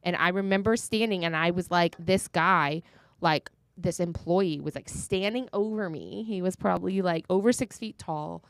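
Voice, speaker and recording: A woman's voice: on the low side, normal speed, gravelly, no echo. Woman telling a wild story on a podcast, laughs a lot, dry sound, no room. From Florida. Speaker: podcast co-host. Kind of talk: casual chat, storytelling.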